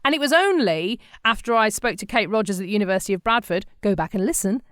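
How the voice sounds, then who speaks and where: A woman's voice: medium pitch, lively intonation, quick pace, a bit bright, no echo, clean studio sound. A middle-aged woman co-hosting a podcast in casual chat, telling stories with animation and acting out the voices of people she quotes. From England. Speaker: podcast co-host.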